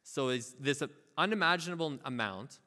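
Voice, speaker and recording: A man preaching a sermon as pastor, telling a parable with lively asides and acting out the characters' voices. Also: mid-range voice, moderate pace, long reverb tail. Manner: informal, filler-heavy asides. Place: church sanctuary.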